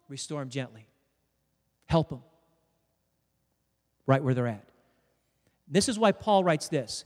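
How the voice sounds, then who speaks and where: A man's voice: on the high side, sing-song, measured pace, long pauses. A man preaching a sermon to a congregation, telling a story and joking with the crowd. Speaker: pastor. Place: church sanctuary. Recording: preached in a hall with long reverb.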